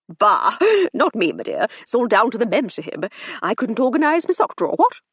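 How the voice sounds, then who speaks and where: A woman voicing a jovial, naive older gentleman in an audiobook, hearty and fond of tagging "what?" onto his remarks. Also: fairly high pitch, sing-song, moderate pace, slightly rough, no room sound, voice pushed up, full character voice. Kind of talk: audiobook character reading.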